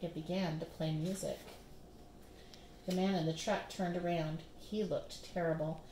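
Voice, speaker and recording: A woman reading a children's picture book aloud with expressive storybook narration, recorded in a roomy space. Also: on the low side, measured pace, heavy background noise.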